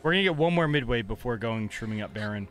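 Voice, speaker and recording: Bright-voiced young man streaming a game. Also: medium pitch, animated, fast, faint music behind. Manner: casual, chatty, playfully mock-angry trash talk. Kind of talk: live gameplay commentary.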